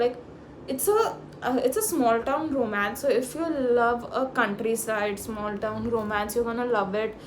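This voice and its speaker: A young woman, talking casually about books in an excitable, gushing way with sudden pitch jumps and frequent laughter. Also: a little hiss or hum. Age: young adult. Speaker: book vlogger. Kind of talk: casual book review chat.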